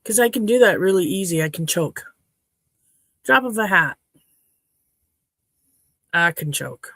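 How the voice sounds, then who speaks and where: A woman from Saskatchewan hosting a casual livestream chat at home, rambling and frank, her throat a little hoarse. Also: on the low side, lively intonation, measured pace, pushed and bright, dry recording. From Saskatchewan, Canada. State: slightly hoarse throat after choking. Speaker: livestream host. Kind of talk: casual chat to a live audience.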